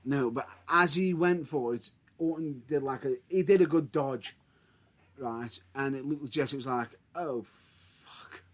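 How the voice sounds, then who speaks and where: A man co-hosting a casual podcast chat, retelling events in an excitable, animated way. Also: medium pitch, moderate pace. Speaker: podcast co-host.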